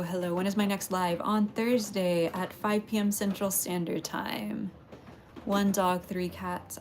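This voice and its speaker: A woman's voice: mid-range voice, darkish tone, a little hiss or hum. A woman from Texas, hosting a casual pottery livestream, chatting with viewers, greeting them by name and laughing often.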